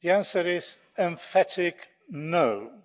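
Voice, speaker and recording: A man's voice: high-pitched, expressive, slow pace. A man from Poland, giving a formal, combative and sarcastic speech as a member of parliament in a large chamber. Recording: long reverb of a large hall.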